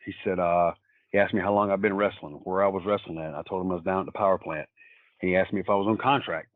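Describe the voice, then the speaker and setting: Deep-voiced man telling stories over a phone-like line. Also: steady tone, quick pace, no echo. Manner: rambling, plain-spoken storyteller. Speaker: wrestler guest. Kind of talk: casual anecdotal storytelling. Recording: tinny phone-like line, dry.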